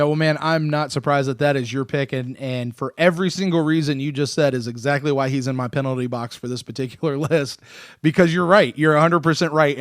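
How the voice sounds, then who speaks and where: A man in his thirties hosting a casual sports podcast, excitable and animated, often restarting his sentences. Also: mid-range voice, clear, resonant tone, no room sound, clean studio sound. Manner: excitable, animated, self-interrupting. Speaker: podcast host.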